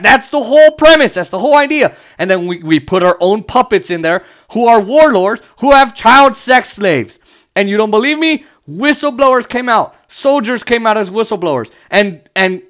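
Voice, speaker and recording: A man's voice: high voice, fairly bright tone. A man from the United States giving heated, sarcastic political commentary, swearing often as he rants.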